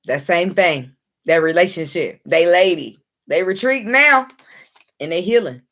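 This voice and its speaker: A woman giving a casual tarot reading, excitable and quick to laugh, swearing freely as she talks. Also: on the low side. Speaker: tarot reader.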